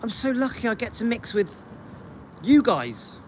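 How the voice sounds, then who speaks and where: A man's voice: very high voice, big pitch swings, unhurried, a little hiss or hum, low-quality recording. Earnest rambling man vlogging. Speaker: channel host. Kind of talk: casual vlog talk to camera. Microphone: handheld phone.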